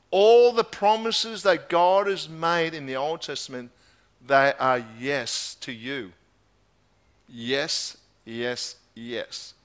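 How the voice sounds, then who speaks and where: A man's voice: fairly high pitch, a bit bright. A man preaching a sermon, reading scripture aloud and driving home key phrases by repeating them.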